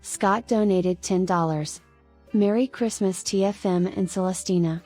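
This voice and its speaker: A woman co-host reading viewer donation messages aloud in a plain, even way. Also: mid-range voice, unhurried, soft background music.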